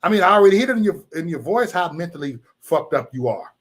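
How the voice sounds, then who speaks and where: A man's voice: high voice, sing-song, quick pace. A man hosting a live stream, ranting profanely at chat trolls in a loose, mocking way. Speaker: livestream host.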